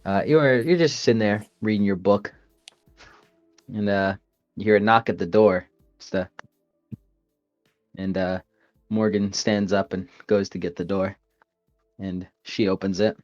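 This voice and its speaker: A man narrating as game master of a tabletop game, halting and filled with pauses. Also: lowish voice, fairly even intonation, a little mellow, no room sound, dull audio, soft background music.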